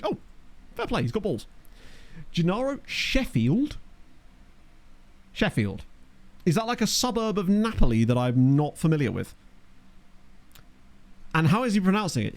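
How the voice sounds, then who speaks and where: A young man's voice, on the high side and a little mellow, comes through a desk microphone as he streams a football management game. He keeps things casual, answering chat and adding wry asides.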